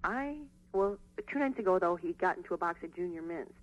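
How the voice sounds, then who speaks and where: A woman's voice: lowish voice, lively intonation, a little fast. A chatty woman from Minneapolis phones in to a radio host and giggles between remarks. Her voice comes through a dull, muffled phone line. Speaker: caller. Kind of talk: phone-in chat.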